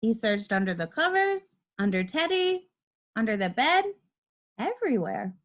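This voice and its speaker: A woman reads a children's story aloud in an unhurried, deliberate rhythm, her pitch swinging widely from line to line. Her voice sits fairly high, and she acts out the characters in a lively, expressive way. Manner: lively, expressive reading with quick shifts for characters.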